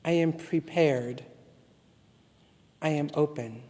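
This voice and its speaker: A man serving as guest minister, reading a litany and a poem aloud in worship with a slow, measured, solemn delivery. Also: fairly high pitch, dark tone. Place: church sanctuary. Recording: long reverb from a large hall.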